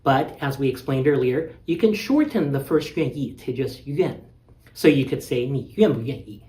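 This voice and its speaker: Male teacher, mid-pitched, patient and methodical, leans on key words, roomy recording. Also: expressive, moderate pace, dark tone. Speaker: language teacher. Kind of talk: explanatory lecture. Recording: echoey room.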